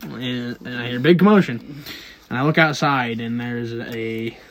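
A man's voice: mid-range voice, moderate pace, a bit bright, slight background noise. A young man on a casual podcast telling a story bluntly, swearing freely. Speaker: podcast co-host. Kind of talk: casual crude chat.

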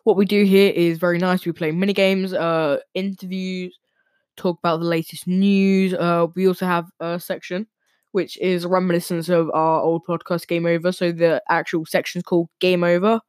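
A male podcast host talking casually and very fast, with lots of ums and restarts. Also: sits high, level tone, clear, resonant tone, no echo, clean studio sound. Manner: talks very fast with many fillers and restarts. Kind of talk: casual solo podcast talk.

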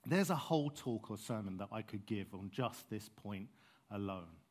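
A man's voice: lowish voice, animated, normal speed. Passionate conversational male preacher. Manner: passionate, conversational, self-aware asides. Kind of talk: sermon.

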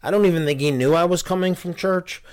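A man's voice: sits high, fast, clear, resonant tone. A man telling his personal testimony in an interview, earnest and storytelling, with many fillers and restarts. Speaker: interview guest.

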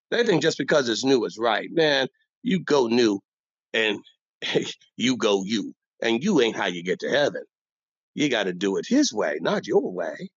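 A man's voice: lowish voice, fairly bright tone, dry recording. A man playing a bossy veteran barber. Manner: boastful, rambling, street-talking. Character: bossy old-school veteran male barber, shop owner. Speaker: barbershop owner. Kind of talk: comic character monologue. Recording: dull dry lo-fi recording.

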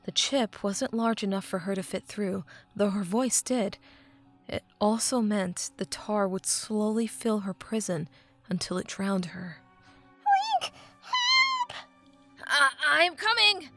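A woman reading a fan fiction audiobook, with expressive narration that drops to a hush at dramatic moments. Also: medium pitch, unhurried, faint music behind.

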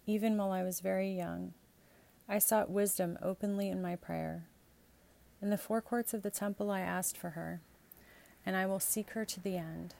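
A woman reading scripture and canticles aloud in a measured, steady liturgical style. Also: mid-range voice, gravelly. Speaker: scripture reader.

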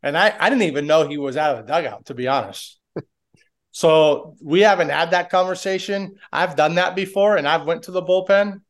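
Brief: male coach guest, slightly higher voice, rambling casual storyteller. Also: moderate pace. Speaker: assistant head coach, guest. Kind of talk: casual podcast interview.

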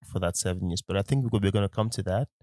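Relaxed Nigerian man co-hosting. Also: low-pitched, fast, no room sound, studio quality. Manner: relaxed, joking, many "like" fillers. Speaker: podcast co-host. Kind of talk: casual conversation.

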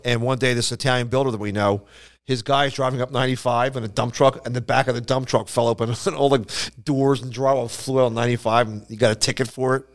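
A man co-hosting a podcast, telling animated stories in casual chat and jumping into higher voices for the people he quotes. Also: quick pace. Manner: animated storyteller who jumps into high voices for quoted people. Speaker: podcast co-host.

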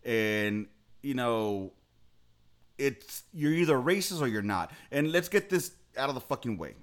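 A man's voice: medium pitch, sing-song, measured pace. Blunt, foul-mouthed man on a podcast. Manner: blunt, profane, emphatic. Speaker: podcast co-host. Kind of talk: casual profane chat.

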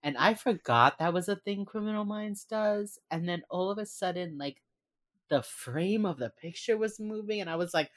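A woman's voice: on the low side, normal speed, dry recording. A woman co-hosting a casual chat, retelling scenes with lots of energy, acting out lines and laughing often. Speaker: podcast co-host recapping a TV episode.

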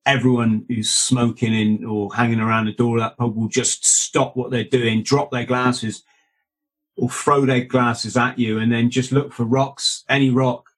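A man in an interview recounts his time as a Royal Marine with earnest conviction. His voice is husky and sits at an ordinary pitch for a man. He keeps pulling the listener in with little asides. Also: little pitch movement, measured pace, fairly bright tone. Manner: earnest, checks in with "right?" and "mate". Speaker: guest, former Royal Marine. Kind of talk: conversational storytelling.

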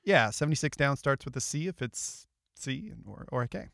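A man with a mid-range, gravelly voice throws out quick, offhand guesses while solving a crossword in casual chat. The sound is dry and close. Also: mid-range voice, animated, a bit bright, no echo. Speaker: crossword solver.

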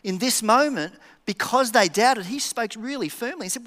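Male pastor, lively sermon delivery with sudden hushed drops; forceful, ringing tone. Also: very high voice, moderate pace, hardly any pauses. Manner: animated, joking, with dramatic drops to a hush. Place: church auditorium. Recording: church hall reverb.

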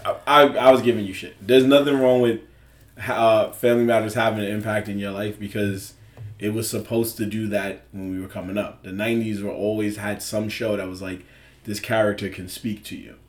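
A man's voice: lowish voice, brisk, reverberant. A man co-hosting a podcast in casual chat, telling stories with lots of laughter and acted-out bits. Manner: animated storyteller, acts out scenes, laughs often. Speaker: podcast co-host.

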